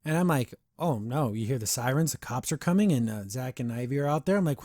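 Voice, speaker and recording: A man hosting a podcast, reviewing a cartoon episode in an animated, excitable way with many restarts. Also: medium pitch, fast talker, no echo, clean studio sound. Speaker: podcast host. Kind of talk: casual episode review chat.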